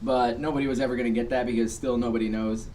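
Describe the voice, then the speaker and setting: A man's voice: mid-range voice, flat delivery, fast talker, a little mellow, a little hiss or hum. A male band member recounting something in a dry, matter-of-fact way during a casual chat. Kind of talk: casual live-stream chat.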